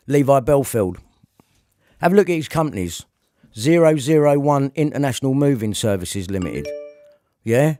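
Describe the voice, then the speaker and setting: A man's voice: mid-range voice, animated, normal speed, long pauses, warm tone, no echo. A man delivering a heated, repetitive rant to camera, swearing often. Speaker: vlogger.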